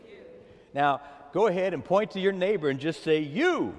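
Animated male preacher in an echoing church. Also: high voice, normal speed. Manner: animated call-and-response with the congregation. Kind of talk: sermon. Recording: long hall reverb.

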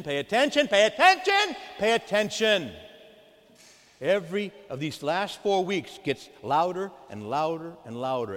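A man preaching a sermon as a priest, emphatic, swinging between loud outbursts and hushed asides. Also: a little high. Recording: long church reverb.

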